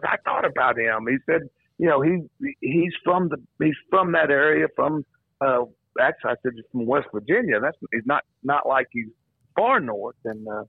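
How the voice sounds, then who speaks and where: An older man calls in to a radio show and tells a long story, tripping over and repeating his words as he goes. His voice sits at a middling pitch. It comes through a tinny, dry phone line. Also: gravelly, breathy edge, no room sound. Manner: rambling, repeats words as he talks. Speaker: former college football coach, guest.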